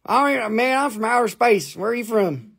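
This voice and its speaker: Man doing a spaced-out rambling drifter, high and gravelly. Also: lively intonation, a little fast, fairly bright tone, exaggerated voice. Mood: goofy. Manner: drawling, ends every phrase with "man".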